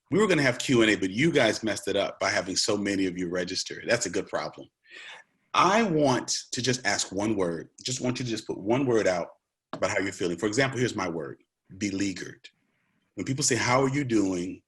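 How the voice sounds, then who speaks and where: Male presenter, lowish voice, earnest and emphatic, conversational online talk. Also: a bit bright.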